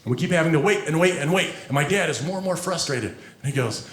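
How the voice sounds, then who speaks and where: A man performing a stand-up comedy set, telling stories about his family in an animated way. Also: fairly high pitch, quick pace, echoey room. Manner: animated storytelling, acting out quotes.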